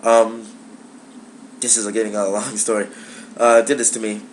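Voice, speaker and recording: A young man telling a personal story to camera in a casual, profane, animated way, acting out the dialogue. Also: fairly low pitch, moderate pace, a little hiss or hum.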